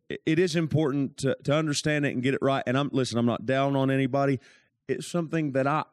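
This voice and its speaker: A man's voice: medium pitch, no echo. Male preacher, scripture reading into emphatic sermon, rising for stress, dry close sound. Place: church.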